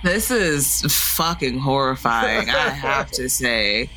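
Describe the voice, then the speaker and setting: A woman's voice: very deep voice, sing-song, slow pace, pushed and bright, slight background noise. A woman playing a character in a tabletop role-play game. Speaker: player.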